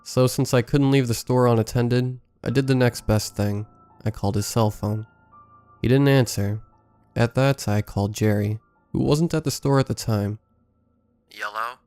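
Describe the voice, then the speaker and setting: A man reading a first-person scary story aloud in a measured, scripted storytelling delivery. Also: medium pitch, fairly even intonation, mellow, no echo, faint music behind. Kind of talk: scripted horror story narration.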